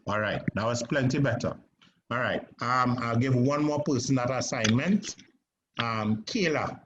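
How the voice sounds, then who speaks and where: A man with a mid-range voice and a slightly slow pace teaches a stage acting class, coaching his students and checking in with "right?" while he explains. The classroom recording is muffled, with background noise.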